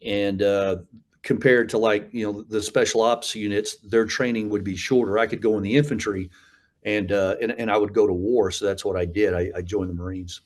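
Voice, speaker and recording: Low-voiced man in his fifties, rambling. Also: fairly even intonation, normal speed. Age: 50s. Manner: rambling, frequent fillers and restarts, says "man" often. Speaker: interview guest, combat veteran. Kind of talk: casual storytelling interview.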